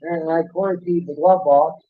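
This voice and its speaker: A man's voice: fairly high pitch, fairly even intonation, moderate pace. A man telling rambling, folksy stories in casual chat, often correcting himself as he goes. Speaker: podcast co-host. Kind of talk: casual storytelling. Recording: tinny phone-like sound.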